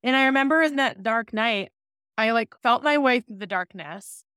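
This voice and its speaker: Bright, clear woman telling her story. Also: on the high side, expressive, normal speed, no room sound, clean studio sound. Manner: open, casual, lots of "like" fillers. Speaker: podcast guest. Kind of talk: candid personal storytelling.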